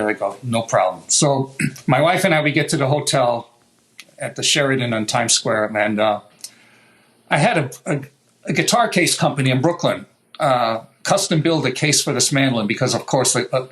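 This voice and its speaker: A middle-aged guitar maker, a man, telling lively stories in an interview, acting out what others said and laughing often. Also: medium pitch, normal speed, rough recording. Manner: animated anecdotal telling, acts out quoted voices, laughs often. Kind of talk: storytelling interview.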